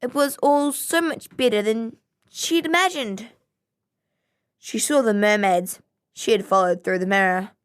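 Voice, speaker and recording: A woman reading a children's story aloud in a measured, expressive way. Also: on the high side, smooth.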